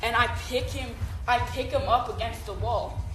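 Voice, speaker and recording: A young woman co-hosting a podcast, telling a long story in a casual, animated, rambling way with lots of fillers and "right?" checks. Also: on the high side, normal speed, slight background noise. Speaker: podcast co-host.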